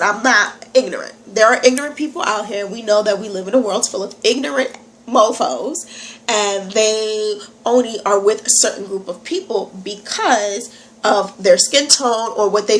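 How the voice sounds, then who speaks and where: Talking casually to her phone camera, this young vlogger from New York keeps drifting off topic in an animated way. She has a stuffy nose, a slight Southern country accent, and a mid-range, somewhat bright voice.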